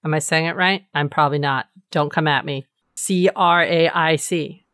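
A woman's voice: sits low, normal speed, a bit bright, no echo, clean studio sound. A woman co-hosting a podcast, chatting casually with self-deprecating asides and questions. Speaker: podcast co-host. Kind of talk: casual chat.

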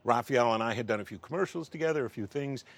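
A man's voice: mid-range voice, quick pace. A middle-aged man in an interview, telling a wry anecdote and acting out the dialogue. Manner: animated, acts out dialogue, wry. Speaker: interview guest, film professional. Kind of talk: anecdotal storytelling.

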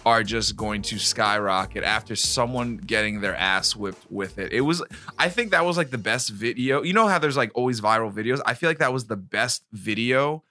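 Bright-voiced young New man chatting. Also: on the low side, normal speed, faint music behind. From New York. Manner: animated storytelling, many "like" fillers, acts out quotes. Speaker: podcast co-host. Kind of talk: casual chat.

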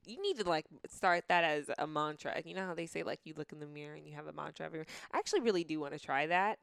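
A woman's voice: deep voice, fast, vocal fry, clear, resonant tone, no room sound, clean studio sound. A woman co-hosting a podcast in casual chat, teasing and laughing often. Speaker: podcast co-host.

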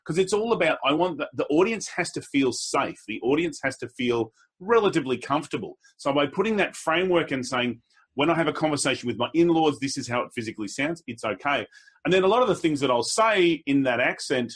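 A man, a public speaker, telling anecdotes in a relaxed conversation, with a husky voice. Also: brisk. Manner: storytelling, slips into quoted voices with pitch jumps. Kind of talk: casual conversation.

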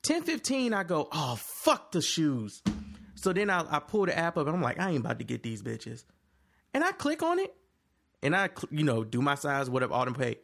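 A man with a fairly high voice talks with friends, swearing freely. His pitch swings widely as he tells his story. He sounds worked up and animated. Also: fairly quick, vocal fry. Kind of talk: casual chat.

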